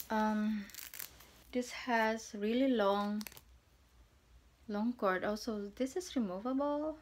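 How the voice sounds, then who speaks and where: Woman vlogger, casual unboxing chat, unhurried and soft-spoken, mid pitch. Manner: soft-spoken and chatty, gushing over small things. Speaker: vlogger reviewing gear.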